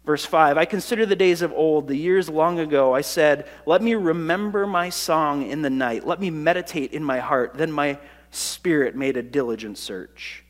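A man with a high voice preaching a sermon. He talks earnestly, stacking emphatic repeated lists and restarting phrases as he goes. A long hall reverb trails his words. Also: normal speed. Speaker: pastor.

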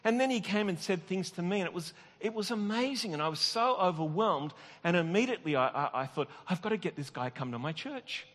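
A middle-aged pastor delivers a sermon built on personal stories, speaking briskly with few pauses in a relaxed, conversational way. He laughs at himself, often restarts sentences, and has a voice a little high for a man, with the long echo of a big hall behind it.

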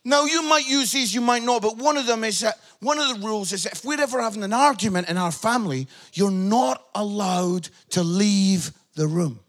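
A middle-aged man preaching a sermon as pastor, telling family stories with animated bursts of shouted emphasis and a habit of asking "yeah?". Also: high voice, moderate pace, hardly any pauses.

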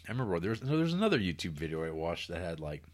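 A man's voice: low-pitched, sing-song, rapid-fire. A man hosting a podcast, chatting casually and rambling with a lot of stammered restarts. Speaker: podcast host. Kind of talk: casual chat, reading listener emails.

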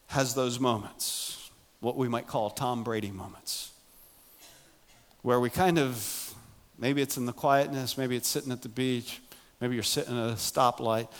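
A middle-aged man preaching a sermon, emphatic, moving between loud raised passages and quiet low asides. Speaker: pastor.

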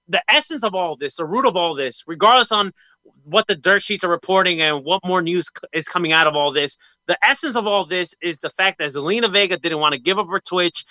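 A man hosting a casual wrestling podcast, with a very bright, edgy voice that sits a little high. He talks in an animated way and gets hyped or grumbles as he goes. The recording is dry and somewhat dull, like a lo-fi podcast mic. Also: no room sound. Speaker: podcast host.

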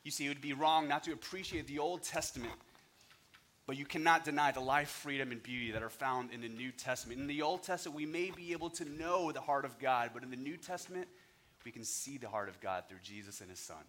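Man preacher, bright tense tone, earnest scripture delivery, some background hiss. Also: medium pitch, fast. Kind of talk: competitive sermon. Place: church stage.

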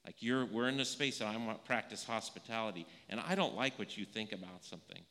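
A man's voice: on the low side, quick pace. A man giving a playful children's sermon in a church. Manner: animated, playful, acts out little scenes. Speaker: pastor giving a children's message. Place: church sanctuary. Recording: echoey church room.

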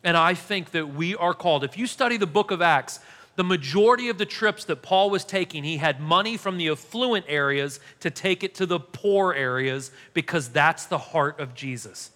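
A male pastor in his thirties preaching a sermon, telling a story with animated, self-deprecating humor. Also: fairly high pitch, moderate pace. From United States. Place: church hall. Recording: long hall reverb.

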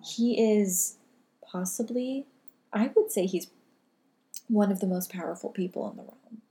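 A woman co-hosting a casual chat, thoughtful and measured, with the odd filler. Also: medium pitch, warm tone. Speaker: podcast co-host.

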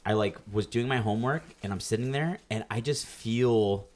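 A man's voice: on the low side, normal speed. A young man co-hosting a podcast, telling stories with lots of acted-out quotes and casual swearing. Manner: animated storyteller, acts out quotes in raised voices, swears freely. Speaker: podcast co-host. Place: California.

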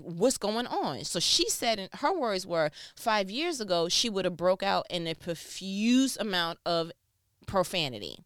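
A woman giving a motivational talk on relationships, preachy and animated, swinging from loud emphatic lines to low asides. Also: clear, resonant tone, dry recording, clean studio sound. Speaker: speaker giving relationship advice.

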